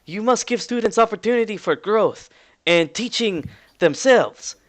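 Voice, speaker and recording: A man's voice: sits high, expressive, a little slow, fairly bright tone, voice pushed up. A man voicing an earnest, stubborn male teacher with a put-on Russian accent and broken English in a tabletop game. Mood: insistent.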